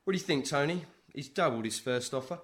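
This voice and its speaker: A man's voice: medium pitch, quick pace, fairly bright tone, natural voice. An actor with a British accent playing a scruffy, broke man who trades dry jibes with his brother in a sitcom. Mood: wry. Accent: British English. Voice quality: dry, wry. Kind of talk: sitcom acting.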